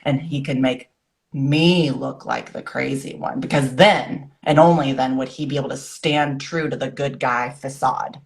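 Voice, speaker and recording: A woman's voice: rumbling low, fairly even intonation, unhurried, vocal fry. A woman in her forties, a guest author, earnestly telling her personal story in a rush of short phrases and acting out the words of people she remembers.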